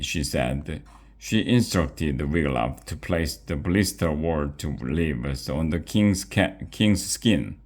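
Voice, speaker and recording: A man reading a children's chapter book aloud, haltingly, stumbling and repeating words. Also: very deep voice, animated. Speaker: reader.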